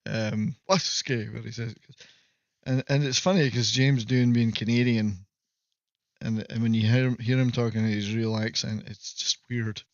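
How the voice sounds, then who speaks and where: A Scottish man at a mid pitch talks loosely to his stream audience, wandering off on tangents and poking fun at himself. His voice comes through a little dull and muffled, with a dry and close sound. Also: steady tone, moderate pace, no echo. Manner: rambling, self-mocking joker. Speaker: livestream host. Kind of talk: casual livestream chat. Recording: slightly muffled, dry audio.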